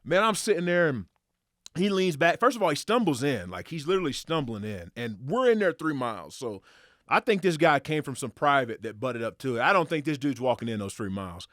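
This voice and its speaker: A man as a podcast guest, telling a hunting story in casual, animated and profane style, acting out quotes. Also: medium pitch, brisk, dry recording, studio quality. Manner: animated, profane, excitable retelling with acted quotes.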